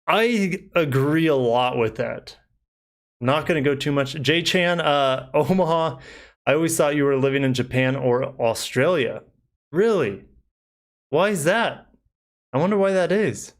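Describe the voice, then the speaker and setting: A young car reviewer hosts a relaxed live stream on his channel, his fairly high voice expressive and unhurried. He rambles comfortably through viewer comments, using plenty of fillers.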